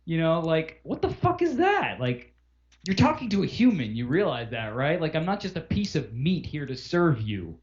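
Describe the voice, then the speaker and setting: A man's voice: fairly high pitch, big pitch swings, moderate pace. A man co-hosting a podcast, ranting profanely and acting out customer phone calls in casual chat. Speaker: podcast co-host. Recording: dull lo-fi podcast audio.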